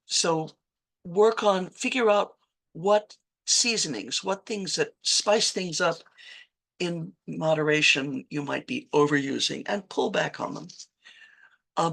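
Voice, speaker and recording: A woman's voice: low voice, creaky, a bit bright, husky. A woman from Virginia giving a conversational writing workshop lecture, often correcting herself mid-sentence and adding chatty asides. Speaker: writing instructor.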